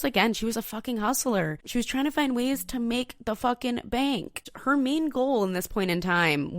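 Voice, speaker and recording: A woman hosting a podcast, telling a history story in a casual, profane, animated way and talking straight to her listeners. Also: on the low side, no room sound, clean studio sound. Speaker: podcast host.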